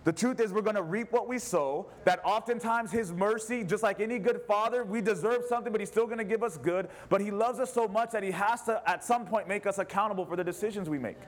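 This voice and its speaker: A man's voice: sits high, fast, few pauses. A pastor preaching a sermon in church, an impassioned man who fires off rhetorical questions. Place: church service.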